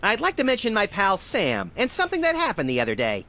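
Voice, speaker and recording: Max, a manic rabbity creature. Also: male voice, sits high, huge pitch swings, fast talker, bright, forceful tone, full character voice. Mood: brash. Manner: brash, boastful, manic. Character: manic little rabbity creature, brash and gleeful. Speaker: game character.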